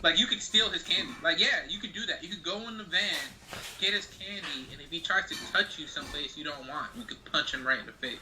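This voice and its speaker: A man's voice: a little high, fast, bright, forceful tone, slight background noise, low-quality recording. A man who is a guest on a casual comedy podcast, teasing the host in easy banter.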